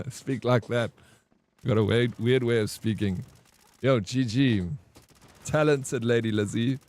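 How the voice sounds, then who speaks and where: A man's voice: medium pitch, slow pace, long pauses, a little mellow. A South African man chatting casually with his viewers during a live game stream, reading and answering their comments. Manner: chatty, laid-back, reads and answers chat.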